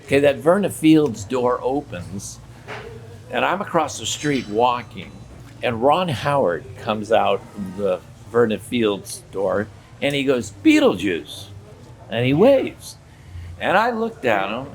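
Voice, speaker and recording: An older man who performs as a theme park character tells stories in a casual interview, acting out the dialogue with animation. His voice sits in the mid range and he takes his time. There's slight background noise.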